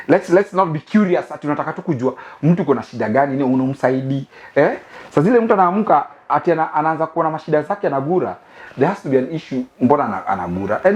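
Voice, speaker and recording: Lively Kenyan man, comic rant. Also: a little high. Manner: animated, laughing, mixes English and Swahili slang. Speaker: host. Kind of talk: comic monologue. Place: living room of a new house.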